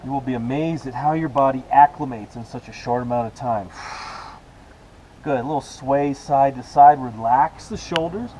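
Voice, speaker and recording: Mellow-voiced man cueing a yoga class. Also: mid-range voice, moderate pace, a little hiss or hum, poor audio. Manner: relaxed, encouraging cueing with self-aware asides. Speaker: yoga instructor. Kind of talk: guided yoga class cues. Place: outdoors with rain and hummingbirds about.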